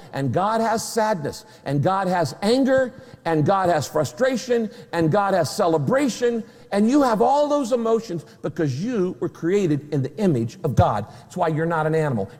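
A man's voice: sits high, a little mellow. A pastor preaching a sermon, emphatic and wry, firing off rhetorical questions at his listeners. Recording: long reverb of a large hall.

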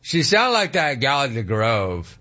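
Radio host guy, swings his pitch all over, casual banter, kinda muffled sound. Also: unhurried. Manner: animated storytelling, laughs at clips.

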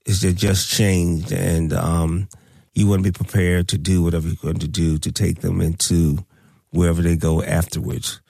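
A man's voice: sits low, flat delivery, moderate pace, vocal fry, mellow, husky, no echo, studio quality. A man hosting a radio talk show, speaking in a preachy, emphatic way and repeating his points.

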